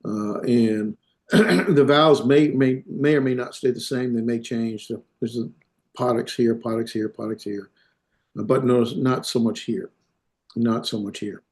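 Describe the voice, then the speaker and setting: A man teaching a class, talking in a halting way with many fillers and self-corrections. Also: medium pitch, fairly even intonation, a little mellow. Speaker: instructor. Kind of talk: classroom lecture.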